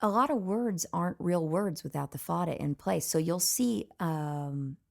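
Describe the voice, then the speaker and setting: A woman's voice: on the low side, a little slow, gravelly, a little mellow. A woman leading a casual language lesson, patiently explaining pronunciation and spelling. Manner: patient, explanatory, light laughs. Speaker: session leader, language teacher.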